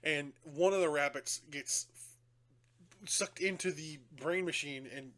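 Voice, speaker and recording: A man's voice: on the high side, unhurried, fairly bright tone. A young man co-hosting a casual movie review, retelling the plot in a rambling way with lots of fillers. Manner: rambling retelling with many fillers and quoted lines. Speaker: co-host of a movie review show.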